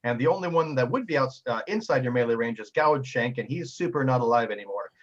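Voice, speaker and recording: A man's voice: medium pitch, expressive, quick pace, muffled recording. A man running a tabletop game as game master, narrating in a playful, jokey way. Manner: playful, jokey, acts out figures.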